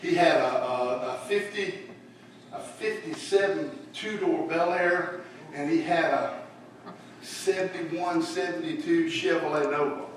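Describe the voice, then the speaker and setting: Folksy guy teaching bible class, kinda high voice, sounds far from the mic w/ faint hiss. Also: measured pace, very echoey. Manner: folksy, asks the class questions. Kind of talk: church Bible lesson. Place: church room.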